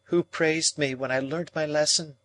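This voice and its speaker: A man reading an audiobook, voicing a proud, composed young woman who speaks in a calm, measured way. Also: on the high side, no room sound, voice pushed up, close to an everyday voice. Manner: calm, measured, coldly reasoning.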